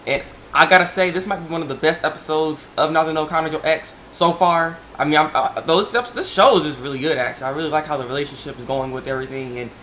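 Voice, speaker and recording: Excitable young man rambling about an anime. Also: fairly high pitch, fast talker, few pauses, slight background noise. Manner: excitable, laughing, lots of fillers and restarts. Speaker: anime reviewer. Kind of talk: casual video review.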